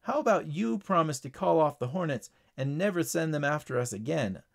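An eager young schoolboy hero in a storybook, raised in pitch with lively, animated inflection, as a man puts him on. A touch of gravelly fry stays in the voice. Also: a little fast. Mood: earnest. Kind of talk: storybook reading.

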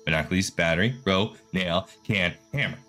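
A man commentating his own horror game play, jumpy and animated, talking to himself and repeating words. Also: low voice, normal speed. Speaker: gaming streamer.

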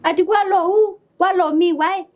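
A woman's voice: very high voice, fairly even intonation, normal speed, muffled recording. A woman with a Kenyan accent playing a boastful, defensive young female student who sings. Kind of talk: web series acting.

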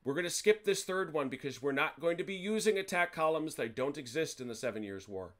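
Man, fairly high voice, hosts a wargame and explains the rules casually with dry jokes. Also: animated, brisk, fairly bright tone. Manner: chatty, self-correcting, wry jokes.

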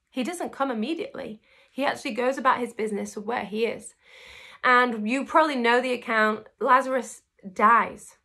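Bright-voiced woman pastor giving a devotional. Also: on the high side, normal speed. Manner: warm, encouraging, lively storytelling. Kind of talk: video devotional talk.

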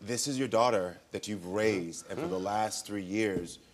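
A man hosting a daytime talk show, asking probing, measured questions. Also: on the low side, a little hiss or hum.

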